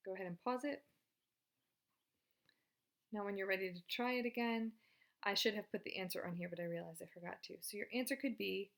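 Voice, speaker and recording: Woman teacher recording a lesson video, relaxed and chatty, encouraging tone. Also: medium pitch, brisk, gravelly, long pauses. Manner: casual, chatty and encouraging, with fillers. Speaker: Spanish teacher.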